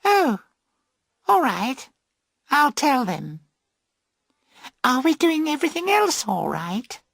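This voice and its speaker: Shrill, giddy young women. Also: male voice, slow pace, creaky, dry recording, clean studio sound, exaggerated voice. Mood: excited shrill. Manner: high, shrill and excited.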